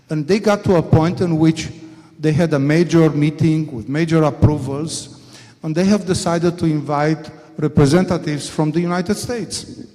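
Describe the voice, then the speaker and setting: A man's voice: on the high side, darkish tone. An older man, a company executive, giving a storytelling talk at a summit and acting out quoted dialogue as he goes. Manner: anecdotal, acts out quoted dialogue. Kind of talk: storytelling speech. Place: conference hall. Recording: long hall reverb.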